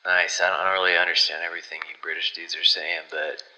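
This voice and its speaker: A man doing a chill low surfer dude. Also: little pitch movement, fast, bright, forceful tone, big-room sound, rough recording. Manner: drawling slang, easygoing. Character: laid-back male surfer dude, chill.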